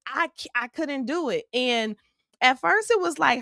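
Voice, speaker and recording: A middle-aged woman hosting her own show, telling a funny story about herself in a casual, animated way and calling her listeners y'all. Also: sits high, unhurried, vocal fry, no echo, clean studio sound. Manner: animated, self-mocking, addresses listeners as y'all. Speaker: show host.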